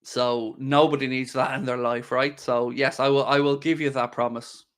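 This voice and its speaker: A man's voice: medium pitch, little pitch movement, moderate pace. A man hosting a live stream, chatting casually and joking as he answers viewers' questions. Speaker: livestream host.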